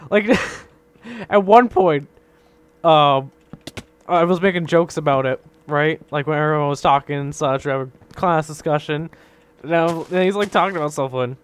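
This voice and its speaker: A man telling a rambling, animated story over his gameplay, tagging many lines with "right?" and laughing often. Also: on the high side. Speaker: gaming channel host.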